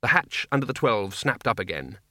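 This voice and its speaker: A man narrating a comic fantasy novel for an audiobook, with a wry, dry delivery. His voice is animated and bright, recorded close in a dead, dry booth. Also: on the low side, fairly quick, no echo. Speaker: audiobook reader.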